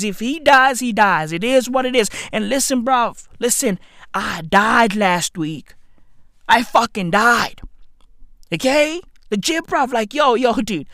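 A man's voice: high voice, fairly bright tone, no echo, studio quality. A man delivering a comedic rant, rambling and profane, heavy on slang and repeating himself.

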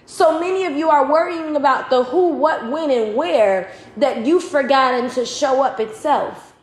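A woman preacher giving a testimony sermon, emphatic and repetitive, with rising excitement. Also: sits high, a little slow, few pauses. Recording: roomy echo.

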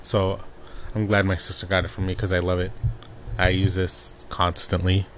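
A young man from Arizona rambles through a relaxed personal monologue from home, his voice sitting fairly low. He drifts between memories and often laughs as he talks. A faint hiss of noise runs under his desk mic. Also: normal speed. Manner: rambling, laughs often while telling stories. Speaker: podcast host. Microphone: own desk microphone.

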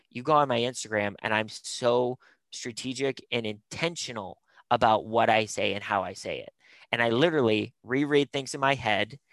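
A man's voice: mid-range voice, a bit bright, no room sound. A man, a film producer and talent manager, speaking as a podcast guest in an emphatic, advice-giving way. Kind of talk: casual conversational interview.

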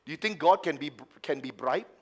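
A man preaching a sermon as pastor at a church service, swinging from hushed low asides to loud, emphatic passages and mocking the excuses of doubters. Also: lively intonation, brisk, husky. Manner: acts out the lines of doubters in a mocking tone.

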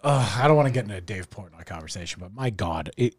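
A man co-hosting a podcast in casual, profane chat, animated and often restarting his sentences. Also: fairly low pitch, fast, breathy edge, no room sound. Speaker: podcast co-host.

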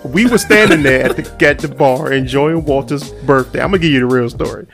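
A man's voice: mid-range voice, fairly quick, a bit bright, faint music behind. A man co-hosting a casual podcast, joking and laughing as he retells a story. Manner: laughing, jokey, rises sharply when mimicking. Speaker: podcast co-host.

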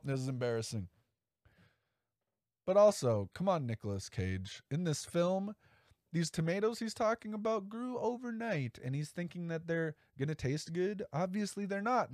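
A man hosting a solo podcast in a rambling, profane, enthusiastic way. His voice sits a bit high and swings widely in pitch as he gets excited. The recording is dry and close, with no room echo. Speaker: podcast host. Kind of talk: casual solo podcast chat.

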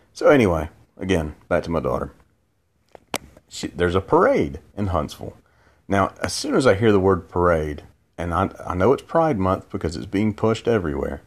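A man, hosting his own podcast, rambling through a drowsy late-night monologue from bed, full of restarts and asides. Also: sits low. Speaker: podcast host. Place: in bed at home.

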